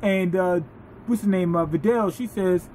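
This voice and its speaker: High-voiced man, animated and profane. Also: measured pace, slight background noise. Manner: animated, profane, laughing storyteller. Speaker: anime reviewer. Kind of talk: casual reaction review.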